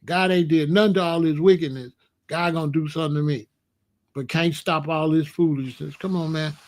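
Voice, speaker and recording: A man's voice: on the high side, steady tone, fairly quick. A man in his sixties talking casually on a livestream, answering chat in a blunt, emphatic way and often repeating himself. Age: 60s. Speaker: host.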